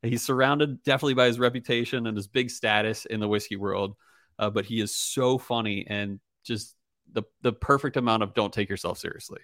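Man, low voice, chatty podcast host, loose and rambling, dry close sound. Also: fairly even intonation, a little fast, fairly bright tone, no echo. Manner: rambling, filler-heavy, laughs easily. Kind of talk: casual chat.

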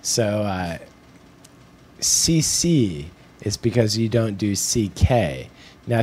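A man chatting on a podcast, wisecracking and explaining things at a slow, deliberate pace. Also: mid-range voice, a little mellow. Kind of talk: casual podcast banter.

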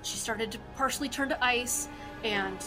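A woman's voice: on the high side, normal speed, over music, voice pushed up, natural voice, poor audio. A woman voicing a frantic young male elf thief who babbles and swears, pleading that it was not his idea. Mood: panicky.

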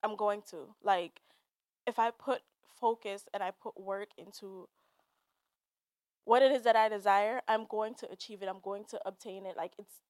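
A woman's voice: mid-range voice, fairly even intonation, moderate pace, darkish tone, no room sound. A young woman hosting a podcast alone, talking candidly and profanely, laughing and teary as she tells a personal story. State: teary, laughing through tears. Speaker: podcast host. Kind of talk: casual monologue.

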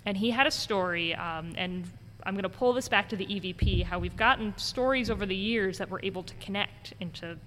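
A ghost tour guide, a woman with a mid-range voice, speaks fairly quickly in a conversational storytelling interview. She animatedly acts out the voices of the people in her stories. The recording has long reverb and faint background noise.

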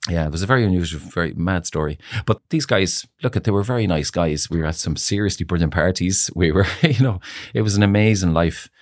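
Man, middle-aged guest, very low voice, dry close sound, chatty storyteller who laughs a lot. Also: quick pace, few pauses, dry recording. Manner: chatty, laughs often, many fillers like "you know". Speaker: salon owner, guest. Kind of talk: casual interview storytelling.

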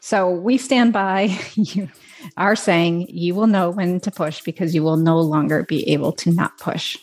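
A woman's voice: on the low side, measured pace, darkish tone. A woman co-hosting a podcast, speaking emphatically in casual chat.

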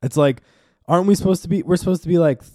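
A young man hosting a solo podcast, ranting in an animated, profane way full of fillers. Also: on the high side, fast, dry recording, clean studio sound. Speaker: podcast host.

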